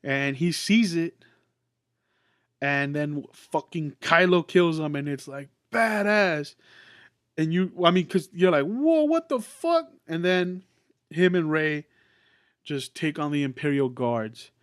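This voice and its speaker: Excitable, swearing man with a fairly high voice. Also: measured pace, clean tone, no echo, clean studio sound. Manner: excitable, swears freely, many fillers and restarts. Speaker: podcast host reviewing a film. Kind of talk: casual spoken movie review.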